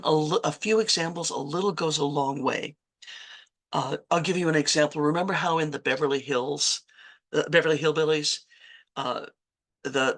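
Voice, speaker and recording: A woman's voice: low-pitched, fairly bright tone. A woman from Virginia giving a conversational writing workshop lecture, often correcting herself mid-sentence and adding chatty asides. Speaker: writing instructor.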